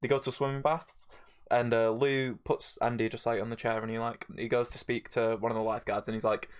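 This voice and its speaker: A young man co-hosting a casual podcast, his voice sitting at a middling pitch. He rambles, swears freely and laughs easily while retelling comedy scenes. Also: level tone, a little fast, clear, resonant tone. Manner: rambling, sweary, often laughing, acts out quotes. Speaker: podcast co-host. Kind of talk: casual chat.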